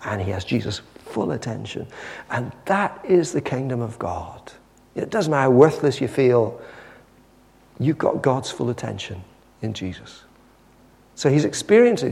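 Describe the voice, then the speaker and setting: A man preaching a sermon, retelling a story with lively, dramatic storytelling. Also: mid-range voice, moderate pace, gravelly, in a large hall. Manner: animated storytelling, acting out the scene.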